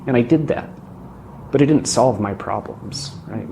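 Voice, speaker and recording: A man's voice: mid-range voice, a little slow, dark tone, a little hiss or hum. A man, a former student now on staff, reflecting earnestly on his past, often adding "you know" and "right?". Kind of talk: personal testimony.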